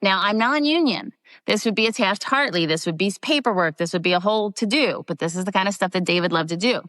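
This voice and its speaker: A middle-aged woman from the Philadelphia area tells candid stories from her acting career as an interview guest. Her voice sits mid-range and sounds close and dry. She talks animatedly and jumps into high voices when she quotes people. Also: fast, a bit bright, no echo. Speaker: guest actress.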